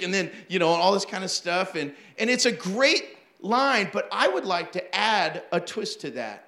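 Male pastor, storytelling sermon, high bright voice, animated, acts out quotes, laughing, echoey church room. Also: moderate pace, hardly any pauses.

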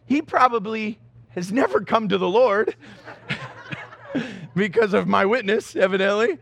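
A middle-aged man preaching a sermon, telling a story in an animated, self-mocking way and acting out the scenes. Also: high voice, moderate pace. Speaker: pastor.

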